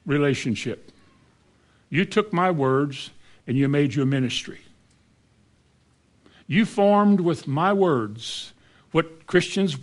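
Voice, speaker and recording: A man delivering a sermon in a somewhat high voice. He pushes his congregation with rhetorical questions, jumping up into high exclamations and then dropping to soft, low asides. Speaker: preacher.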